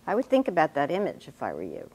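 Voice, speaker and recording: A woman acts out an exacting, established writer who takes her student apart with precise, pointed remarks. Her voice rides up and down with lively, animated inflection. This is a stage scene played on a talk show. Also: deep voice, fast talker, breathy edge, heavily acted. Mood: probing. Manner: lecturing, precise, wide-ranging inflection. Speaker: actress.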